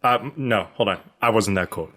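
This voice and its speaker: A man in his thirties telling a story on a casual podcast, acting out the people in it with lively voice changes. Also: normal speed. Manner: animated, jumps to high-pitched exclamations and voices for people in his stories.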